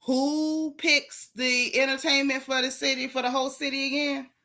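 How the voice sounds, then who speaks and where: A woman's voice: sits high, level tone, moderate pace, bright, forceful tone. A middle-aged woman, hosting a gossip commentary show in a sassy, emphatic way, talking straight to her viewers. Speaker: host.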